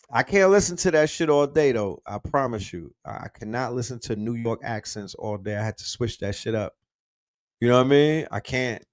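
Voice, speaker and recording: A man hosting a casual livestream, talking in slang and shouting out the cities his viewers are watching from. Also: medium pitch, animated, normal speed, no echo, studio quality. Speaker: livestream host.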